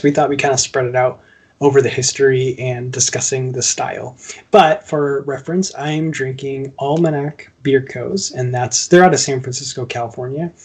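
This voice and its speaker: Husky guy hosting a chill beer podcast, laughs a lot. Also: mid-range voice, a little mellow. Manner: laughs often, easygoing. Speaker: podcast host. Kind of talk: casual chat.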